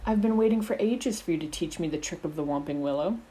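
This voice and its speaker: A woman's voice: fairly low pitch, fast talker, mellow, lightly acted, poor audio. A woman voicing a swaggering, theatrical teenage boy who teases his friends. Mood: teasing. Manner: teasing, theatrical.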